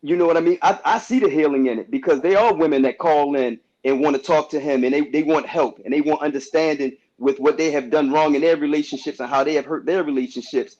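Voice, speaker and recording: A man's voice: on the high side, fast talker, few pauses, darkish tone. A man talking on a casual panel discussion who keeps asking "you know what I mean" and restarts his phrases. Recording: dull lo-fi sound.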